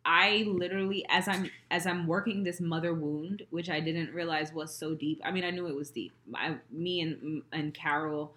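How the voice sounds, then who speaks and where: A woman co-hosting a candid casual chat, telling stories in an animated, profane way. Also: sits low, moderate pace, hardly any pauses, reverberant.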